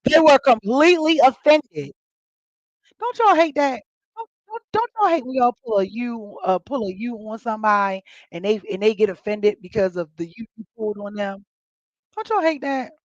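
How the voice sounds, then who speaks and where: A woman's voice: medium pitch, big pitch swings, fairly quick, no echo, highs cut off. A woman hosting a casual chat with her audience, telling stories animatedly and acting out quoted lines with big jumps in her voice. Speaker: host.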